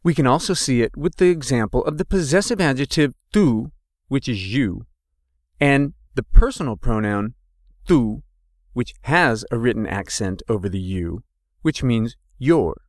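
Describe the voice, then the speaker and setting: A male teacher reads a scripted lesson at an unhurried pace, his pitch rising and falling a lot. He carefully pronounces each example word on its own. The voice sounds dry and close. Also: expressive, no room sound. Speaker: language teacher.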